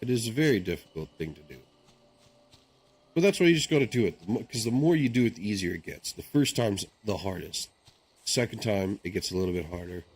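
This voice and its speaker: A man's voice: fairly low pitch, lively intonation, fairly quick, a little mellow, breathy edge. A man streaming a game, talking casually in a rambling, chatty way and often checking in with "right?". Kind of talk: casual chat while gaming.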